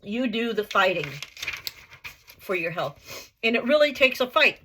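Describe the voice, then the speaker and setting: A woman's voice: fairly high pitch, expressive, unhurried, sharp tone, a little hiss or hum. A woman giving an earnest motivational vlog monologue, blunt and emphatic, repeating her points and swearing casually. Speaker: vlogger.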